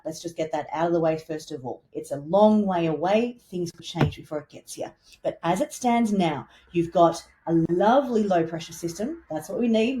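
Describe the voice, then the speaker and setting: A woman's voice: on the low side, dark tone. A woman presenting a weather forecast, chatty and enthusiastic as she points along a map with little asides. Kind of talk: casual weather forecast walkthrough.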